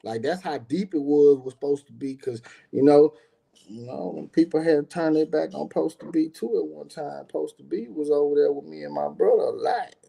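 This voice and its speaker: A man telling a tense personal story in casual talk, animated, acting out quotes, with many fillers and swearing. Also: on the high side, moderate pace, creaky, breathy edge. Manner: animated, acts out quotes, frequent fillers and profanity.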